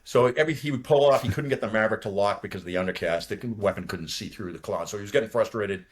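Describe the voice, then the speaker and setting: A man's voice: fairly low pitch, husky. A man in his sixties from near Boston, a retired fighter pilot telling a war story in casual, profane, rambling talk. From from near Boston, USA. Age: 60s. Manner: rambling, profane, talks fast when nervous.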